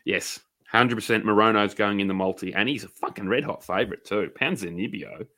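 A man's voice: fairly low pitch, a little fast, sharp tone. A man co-hosting a podcast, blunt and sweary with mock outrage. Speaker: podcast co-host. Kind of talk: casual chat.

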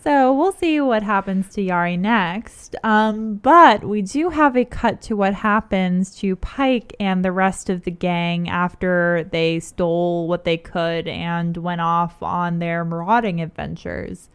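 A woman's voice: lowish voice, takes it slowly, few pauses, smooth. A woman casually retelling a story, with a chatty, hesitant manner. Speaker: podcast co-host. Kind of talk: casual book recap.

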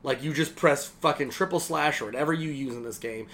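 A young man co-hosting a podcast, ranting casually about a video game in a sarcastic, animated way, swearing freely and acting out lines. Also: medium pitch, brisk, a little hiss or hum. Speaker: podcast co-host. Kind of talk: casual game critique chat.

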